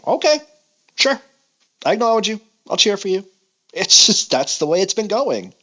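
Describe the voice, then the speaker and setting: A man co-hosting a casual podcast, talking in an animated way and acting out quotes. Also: high-pitched, moderate pace. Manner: animated, acts out quotes in voices. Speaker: podcast co-host. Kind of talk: casual wrestling chat.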